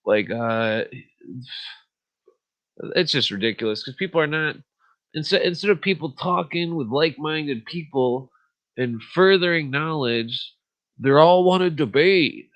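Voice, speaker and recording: A man's voice: fairly high pitch, animated, measured pace, long pauses, dull audio. A man hosting a podcast, ranting bluntly with lots of swearing and fillers, then reading an article aloud. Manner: profane, blunt, frequent fillers. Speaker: podcast host.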